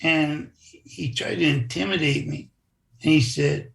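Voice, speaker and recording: Gravelly man telling a story. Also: fairly high pitch, measured pace. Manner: animated storyteller who acts out quoted voices. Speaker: interview guest, former wrestler. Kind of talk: casual storytelling interview.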